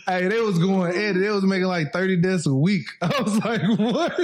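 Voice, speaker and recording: A young man with a high, slightly quick voice co-hosts a podcast, trading stories in relaxed conversation. He tells them with lots of energy and laughs frequently.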